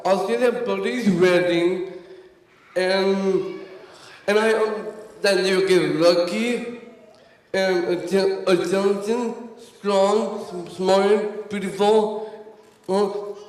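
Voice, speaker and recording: A man with a high voice gives a wedding toast very slowly, stopping and restarting as he searches for words. His voice rings with the long reverb of a big hall. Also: darkish tone. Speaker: bride's brother giving a toast.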